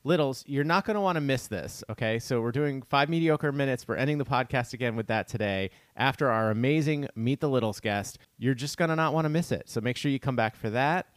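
A man's voice: medium pitch, a little fast, hardly any pauses, no echo. A man co-hosting a podcast in casual, rambling chat that gets a little emotional. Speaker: podcast co-host.

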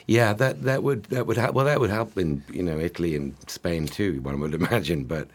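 A man talking political analysis in casual chat, measured and hedging with ums. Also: low voice. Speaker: podcast guest commentator.

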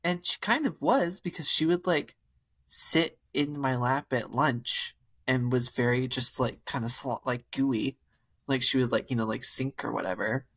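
A man's voice: mid-range voice, measured pace. A young man in casual podcast chat, telling a wild dating story with lots of fillers and acted-out quotes. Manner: animated, filler-heavy, acts out quotes. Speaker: podcast co-host.

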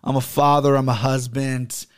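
A man's voice: medium pitch, normal speed, clear, resonant tone. A man in his thirties telling a heated story in a casual monologue, swearing often and talking from a home studio. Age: 30s. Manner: animated, profane, heated storytelling. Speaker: podcast host and sports betting handicapper.

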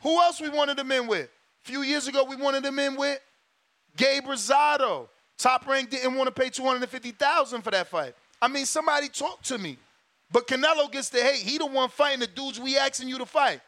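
Male boxing talk host, sharp bright tone, casual emphatic rant full of repetition and swearing. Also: very high voice, brisk, dry recording. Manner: emphatic, profane, repeats himself.

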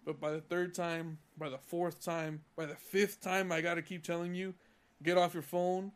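A man's voice: on the high side, flat delivery, moderate pace, fairly bright tone. A young man from California on a casual podcast, telling a profane, heated story about work. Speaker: podcast co-host.

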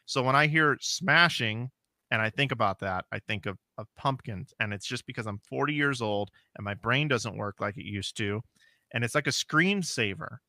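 A man's voice: medium pitch, normal speed, pushed and bright, no echo. A man in his forties chatting casually as a podcast co-host, telling rambling self-deprecating stories with many restarts. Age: 40s. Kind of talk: casual chat.

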